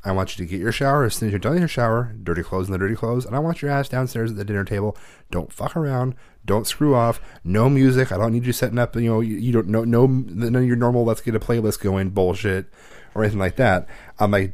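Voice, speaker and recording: Fed-up father, thirties, low and dry, swears freely while recounting. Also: fast, a little mellow, dry recording. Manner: heated storytelling, swears a lot. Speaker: parent. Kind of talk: casual chat.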